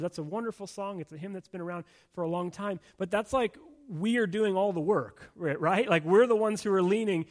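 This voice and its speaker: A man with a high voice preaching a sermon to a room while slides are shown. He rambles casually, restarting phrases and checking in with "right?" as he goes. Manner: conversational and rambling, with many restarts and "right?" asides. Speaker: pastor. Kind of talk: sermon to a live audience with slides.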